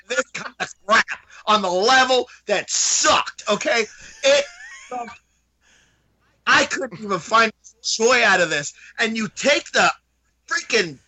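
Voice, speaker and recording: A man's voice: high-pitched, sharp tone. A man co-hosting a podcast in a casual chat, ranting and cursing as he gets worked up. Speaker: podcast co-host.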